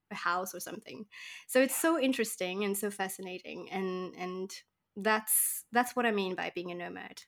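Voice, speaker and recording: A woman from Mauritius telling lively stories as a guest in a casual interview, acting out the people she met. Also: medium pitch, gravelly. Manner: animated storyteller, acts out voices and laughs often. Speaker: podcast guest.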